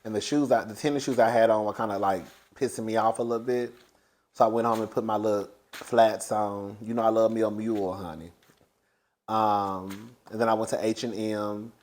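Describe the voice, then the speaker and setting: A young man telling a casual storytime to his viewers, animated and chatty, often calling the listener "girl" and jumping into high excited bursts. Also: moderate pace.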